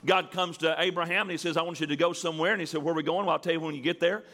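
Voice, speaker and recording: A pastor delivers a sermon to his congregation in a church sanctuary, stretching out key words and building emphasis as he goes. His voice sits on the high side, steady but sharp, and he speaks in rapid-fire bursts. The recording carries the reverberation of the sanctuary hall.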